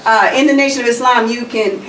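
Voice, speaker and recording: High-pitched lady preaching, emphatic and laughing a lot, noisy room, mic far away. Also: brisk, a bit bright, roomy sound. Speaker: lecturer. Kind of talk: religious lecture and Q&A. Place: mosque hall.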